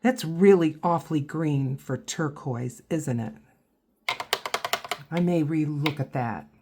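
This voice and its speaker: A woman's voice: low-pitched, slow, background noise. A woman giving a casual painting tutorial, chatting and thinking aloud as she works. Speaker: watercolor instructor.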